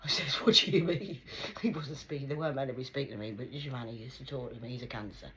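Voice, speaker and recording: A woman's voice: very deep voice, fast. A middle-aged woman telling rambling personal stories in casual chat, swearing freely, laughing often and dropping into whispered asides. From United Kingdom. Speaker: vlogger.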